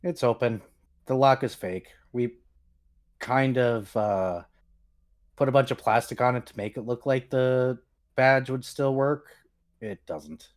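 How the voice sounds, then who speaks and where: A man running a tabletop role-playing game on a stream, describing scenes in a relaxed way with some fillers. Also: mid-range voice, measured pace, long pauses. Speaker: game master.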